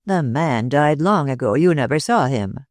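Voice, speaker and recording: A narrator voicing a brisk, dismissive older father and host. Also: mid-range voice, lively intonation, no echo, studio quality, natural voice. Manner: sharp, dismissive.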